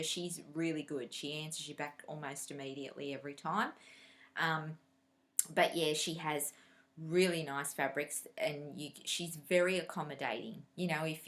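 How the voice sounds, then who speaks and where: A woman's voice: deep voice, fairly bright tone. A woman vlogging about cross-stitch in a casual, chatty way, telling stories animatedly, laughing often and acting out what people said.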